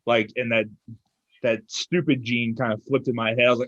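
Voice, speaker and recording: A young man in his twenties tells a story in relaxed conversation, animatedly acting out the voices of the people in it. His mid-pitched voice comes across a little dull and dry. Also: normal speed, pauses often, no echo. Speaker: fitness coach co-host. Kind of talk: casual chat.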